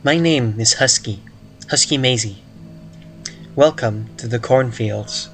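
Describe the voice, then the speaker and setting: A man voicing a calm, eerie child figure in a slow, pointed delivery. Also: medium pitch, soft background music. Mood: placid.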